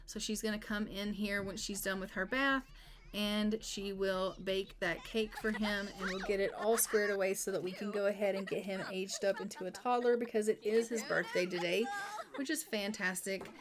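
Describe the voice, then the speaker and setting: A woman's voice: medium pitch, fairly even intonation, normal speed, a crowd in the background. A woman casually narrating her life-sim gameplay, chatty, with wry asides and frequent laughs. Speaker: let's play narrator.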